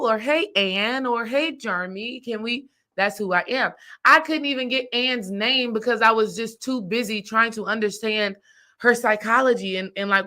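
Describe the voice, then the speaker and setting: Woman host, spiritual coach, casual storytelling, bright forward voice, chatty and animated. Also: mid-range voice. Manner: chatty, animated, asks "right?" often.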